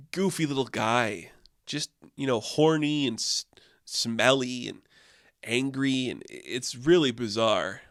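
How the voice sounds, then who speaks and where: A man casually reviewing a movie, loose and profane, full of "like" fillers, jumping up in pitch when incredulous. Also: a bit bright, no room sound, clean studio sound.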